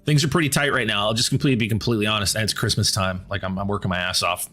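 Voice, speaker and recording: A man streaming a game and chatting casually with viewers, rambling and repeating words as he thinks aloud, his voice going hoarse. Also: lowish voice, fairly even intonation, rapid-fire, fairly bright tone. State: losing his voice.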